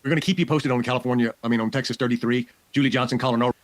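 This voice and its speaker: A man's voice: medium pitch, steady tone, rapid-fire, no room sound. A man hosting a political podcast, talking loosely and swearing casually as he runs through results. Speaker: podcast host.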